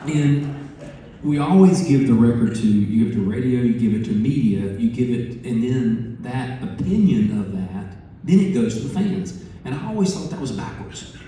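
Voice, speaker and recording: A man telling an animated story on stage, acting out phone calls with profane asides. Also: medium pitch, moderate pace, slight background noise. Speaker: musician interviewed on stage. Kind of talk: storytelling interview before a live audience. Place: large conference hall. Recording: echoey hall, distant mic.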